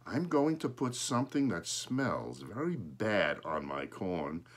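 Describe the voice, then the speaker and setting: A man's voice: sits low, sing-song, slow, full character voice. A man voicing a jovial farm father who teases and explains things in a storybook reading.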